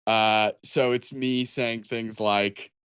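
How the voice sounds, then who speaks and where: A man's voice: lowish voice, fairly even intonation, slow pace, a bit bright, clean tone, no room sound. Podcast guy rambling casually about his game, dry close mic. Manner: rambling, full of "like"s and restarts. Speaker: podcast co-host. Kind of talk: casual chat about tabletop games.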